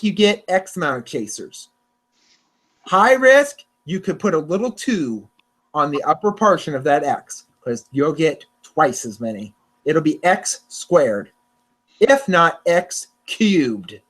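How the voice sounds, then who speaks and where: Young guy with a pretty high voice, rambling, keeps restarting, casual podcast talk. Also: animated, unhurried, a bit bright. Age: young adult. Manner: rambling, restarts and self-corrections. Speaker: podcast host. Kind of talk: casual chat about storm forecasts.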